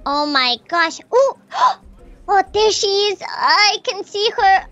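A woman's voice: very high voice, very animated, slow pace, bright, forceful tone, dry recording, highs cut off, exaggerated voice. A woman voicing a timid little princess girl who whimpers and sobs through a Minecraft role-play. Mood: nervous. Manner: babyish, whimpering, sobbing often.

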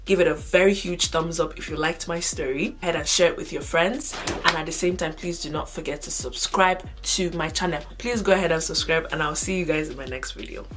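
A young woman with a Nigerian accent tells a personal story straight to camera. She has a fairly low voice and is animated, dropping to a hush and then growing loud again. Soft music plays faintly behind her. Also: brisk, few pauses. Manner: animated, switches between hushed and loud. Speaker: vlogger.

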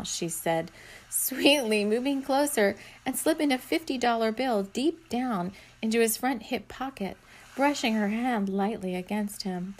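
A middle-aged woman reads from her own novel in a casual way. Her voice sits slightly high. She keeps dissolving into giggles and fumbling her words. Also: animated, a little slow. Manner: keeps breaking into giggles and stumbling over words. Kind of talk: casual reading aloud.

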